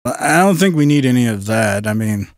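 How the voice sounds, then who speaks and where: A man's voice: mid-range voice, animated, moderate pace, no room sound, studio quality. A man co-hosting a podcast in casual chat, skeptical and wry. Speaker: podcast co-host.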